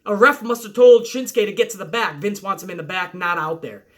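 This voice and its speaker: A high-pitched middle-aged man talks through a wrestling episode in a loose vlog recap. He swears constantly, rambles and drifts between points as he goes. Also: a little fast. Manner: profane, animated, rambling. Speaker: wrestling show reviewer. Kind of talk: casual opinionated recap vlog.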